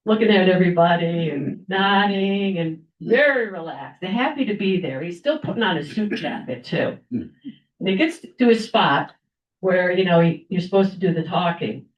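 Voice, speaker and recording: Older woman, speech giver at a club meeting, lively storyteller, low-ish voice, dull lo-fi room recording. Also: moderate pace. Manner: animated storyteller, acts out quoted people. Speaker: club member giving a speech. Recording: echoey room, dull lo-fi sound.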